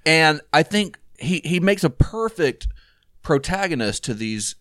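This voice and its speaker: A man's voice: fairly high pitch, very animated, measured pace, a bit bright, no room sound, studio quality. A man co-hosting a casual film talk, rambling with lots of fillers and restarts. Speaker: podcast co-host.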